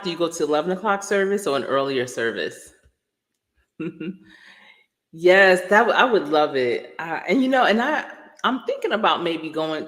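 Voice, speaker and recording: A woman's voice: sits low, a bit bright. A woman coach chatting casually on a live stream. She rambles, laughs often and answers her viewers directly.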